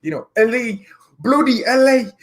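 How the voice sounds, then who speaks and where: A man doing an angry adult male football fan with a put-on British accent, shouting his complaints in a shrill voice that sits well above his own. The rant comes in loud, mocking outbursts, with some words yelled from further off the mic. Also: expressive, a little slow.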